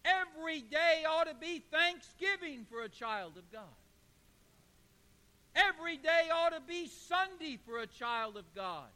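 A male pastor delivers a sermon at an unhurried pace, stacking one emphatic phrase after another. His voice sits very high and bright. The sound rings with the long reverb of a church hall. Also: animated. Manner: emphatic repetition, call-and-response with congregation. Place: church sanctuary.

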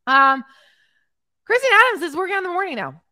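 High, bright-voiced hype-up woman coach. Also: sing-song, quick pace, no room sound, studio quality. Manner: upbeat cheerleading, hyping people up; emotional, heart on her sleeve. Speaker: fitness coach and podcast host. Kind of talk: live stream chat, reading viewer comments. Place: home in Mexico.

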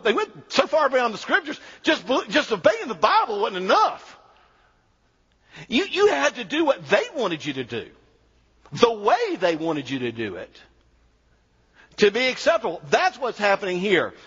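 Husky guy preaching, high voice all over the place, big echoey church, muffled sound. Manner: animated, emphatic preaching with sudden drops to low, quiet lines. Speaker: pastor. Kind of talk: sermon. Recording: dull sound with long hall reverb.

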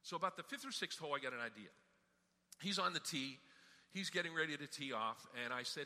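A man pastor giving a sermon, telling a story with animated, emphatic delivery. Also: on the high side, brisk. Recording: hall reverb.

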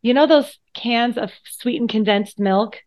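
A woman's voice: fairly high pitch, unhurried, darkish tone. A woman anxiety coach co-hosting a podcast, talking casually and animatedly, swearing and acting out little voices.

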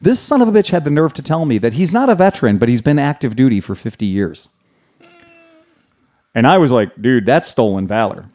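Man, bike shop owner, swearing storyteller, lively pitch, slightly high voice. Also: fairly quick, pauses often. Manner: animated, profane, laughing storyteller. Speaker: motorcycle dealership owner. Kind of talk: casual storytelling chat.

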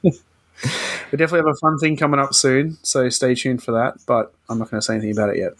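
A young Australian man chats as a podcast co-host at a mid pitch. He speaks in a quick, friendly, conversational manner. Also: fairly even intonation, fairly bright tone. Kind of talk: casual podcast chat.

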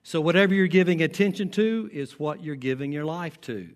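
Preacher with a faint Southern twang, echoing hall. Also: male voice, a little high, lively intonation. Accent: faint Southern American. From American South. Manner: emphatic, repeats key lines slowly for weight. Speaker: pastor. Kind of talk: sermon. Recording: long hall reverb.

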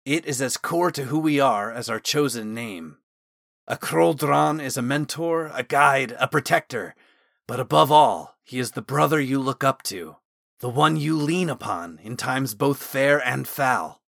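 A man reading the lines of an earnest, gentle young man in an audiobook, sincere and softly spoken. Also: mid-range voice, lively intonation, measured pace, gravelly, no echo, studio quality. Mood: heartfelt.

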